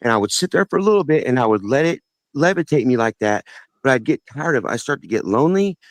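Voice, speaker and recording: A man's voice: medium pitch, sing-song, fast talker, no echo. A man calling in to a talk show, telling a long personal story in an earnest, rambling way with many restarts. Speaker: caller. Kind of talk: casual phone-in storytelling.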